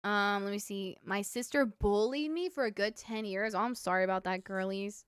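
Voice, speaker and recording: In a casual livestream chat, a young streamer from a Cuban family rambles through childhood stories with lots of fillers, laughing at herself along the way. Her voice is mid-range and smooth at a normal speed, with no room sound.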